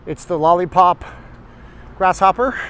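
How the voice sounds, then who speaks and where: A man's voice: high voice, fairly bright tone, a little hiss or hum. A man hosting a casual walking livestream outdoors, rambling and chatting with his viewers. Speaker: livestream host. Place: outdoors on a city street, walking.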